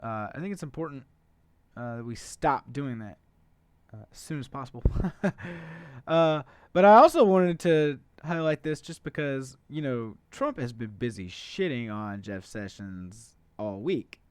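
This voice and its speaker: A man's voice: mid-range voice, lively intonation, unhurried, clean tone, no echo. A man hosting a political podcast in a casual, profane, conversational monologue, full of filler uhs. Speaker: podcast host.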